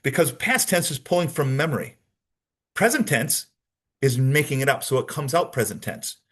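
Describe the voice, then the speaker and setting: A man speaking in a mid-range voice at normal speed, with lively intonation, a fairly bright tone and a breathy edge, teaches a training lecture on deception detection. He breaks it down step by step, restates key points and acts out sample answers.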